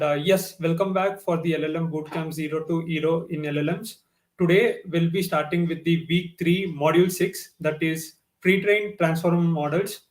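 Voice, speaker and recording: A man hosting a livestream, apologizing for a delay and introducing the speaker with frequent uhs. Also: on the high side. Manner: apologetic, filler uh. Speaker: host.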